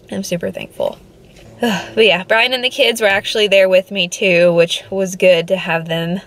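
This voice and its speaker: A woman's voice: medium pitch, steady tone, normal speed, a bit bright, a little hiss or hum. A young woman giving a casual vlog update, emotional and teary but relieved, laughing now and then. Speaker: vlogger.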